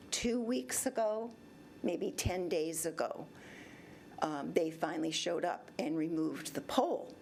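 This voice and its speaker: Slow-talking woman in her seventies. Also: low-pitched, vocal fry, slight background noise. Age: 70s. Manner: rambling, acts out both sides of past conversations. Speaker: resident speaking at public comment. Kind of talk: recounting a personal complaint. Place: city council chamber.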